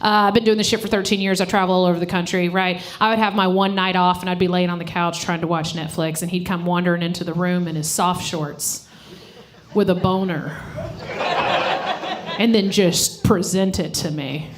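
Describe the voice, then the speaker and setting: A woman's voice: medium pitch, normal speed, crowd noise. A woman comedian doing a live stand-up set on a stage mic, brash and profane, teasing people in the audience. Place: live comedy show venue.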